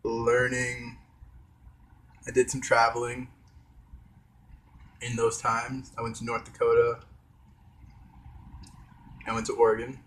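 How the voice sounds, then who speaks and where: A man's voice: mid-range voice, completely flat delivery, slow, pauses often, fairly bright tone. A young man vlogging in a rambling, hesitant casual monologue, talking while eating with his mouth full. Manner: hesitant, trailing off, many fillers.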